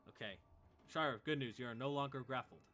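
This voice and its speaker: Male game master, crisp voice, faint room hum behind, easygoing narration. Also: medium pitch, brisk. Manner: relaxed, chuckling narration of combat.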